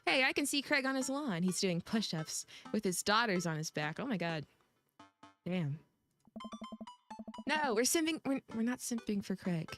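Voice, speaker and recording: Coughing as she goes, a young woman chats casually while streaming a dating game, giggling and rambling through self-teasing asides in let's-play fashion. Her mid-range voice is a bit bright and sing-song, at normal speed but pausing often, over faint background music.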